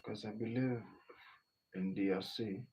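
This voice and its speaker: A man hosting a casual livestream reads out viewer comments, greets people by name, and says "you know" a lot. His voice is on the low side, mellow and slightly rough, with a steady tone and normal speed. The stream audio sounds dull and lo-fi.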